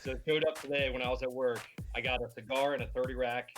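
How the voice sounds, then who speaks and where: A laid-back man with an ordinary mid-pitched voice, chatting easily on a podcast panel and tossing off dry remarks. Clear music runs under his voice. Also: level tone, quick pace, a bit bright. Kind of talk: casual podcast chat.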